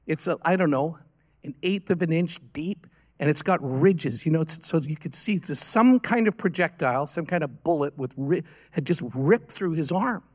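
A man preaching a sermon as pastor, telling stories in a conversational, earnest way with halting restarts. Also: a little high, lively intonation.

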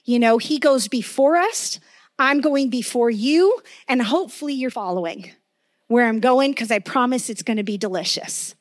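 Speaking at a normal speed in a voice on the high side, this woman preaches, sharing her own testimony. The recording is dry and studio quality. She's earnest and chatty, frequently checking in with the audience.

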